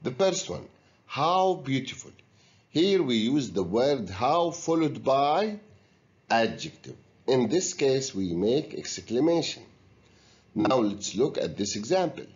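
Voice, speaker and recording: A man teaching an English grammar lesson to students in a recorded video, explaining slowly and guiding them step by step. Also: medium pitch, sing-song, darkish tone, muffled recording.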